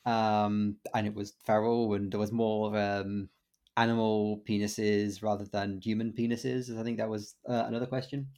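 Gravelly rambling man telling stories. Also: on the low side, level tone, moderate pace, darkish tone. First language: English, some Welsh. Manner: rambling storyteller with many fillers and restarts. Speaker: podcast co-host. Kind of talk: casual podcast chat.

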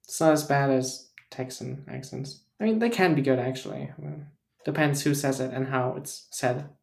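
A man co-hosting a casual podcast chat, teasing and deadpan, acting as if he believes none of it. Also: medium pitch, moderate pace, vocal fry. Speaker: podcast co-host.

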